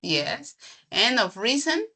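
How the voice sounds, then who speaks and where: A woman teaching an English grammar class, explaining slowly, repeating herself and checking in with the student. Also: fairly high pitch, very animated, pushed and bright.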